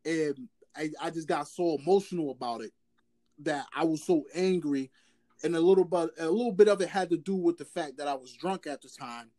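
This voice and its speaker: A man's voice: a little high, a little fast, mellow. A man co-hosting a casual sports chat, emphatic and repetitive, stammering as he starts his sentences. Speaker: podcast co-host.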